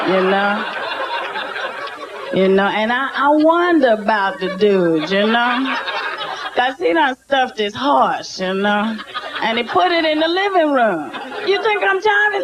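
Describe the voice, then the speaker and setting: Drawling woman comic on a noisy club stage. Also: a little high. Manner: slangy, drawling, repeats "you know". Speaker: stand-up comedian. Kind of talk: stand-up comedy with character voices. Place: comedy club stage before a laughing crowd. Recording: loud crowd and noisy 1980s live tape.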